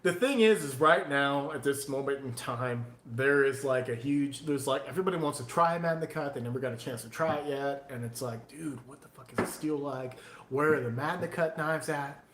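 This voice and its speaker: A man's voice: medium pitch, normal speed, reverberant, a little hiss or hum. Rowdy, cursing man on a live stream. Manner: loud, profane and tipsy, quoting imagined critics. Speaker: knifemaker hosting a live stream. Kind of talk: casual live-stream chat.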